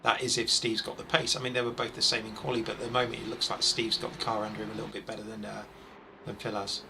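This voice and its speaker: A man's voice: on the low side, fast talker. Man, live race commentary, chatty, noisy background. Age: over 40. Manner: chatty, excitable at incidents. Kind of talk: live sim racing commentary.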